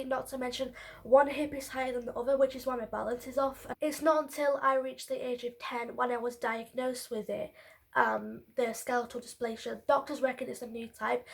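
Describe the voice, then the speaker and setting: A woman's voice: high-pitched, fairly even intonation, fairly quick, vocal fry. A woman vlogging, telling a personal story to camera in a candid, emotional way with casual swearing.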